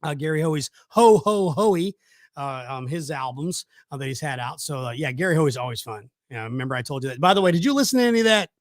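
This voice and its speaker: A man's voice: fairly high pitch, animated, quick pace, no room sound, studio quality. Rambling middle-aged male host. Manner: rambling, many fillers and restarts. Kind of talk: casual chat on a live stream.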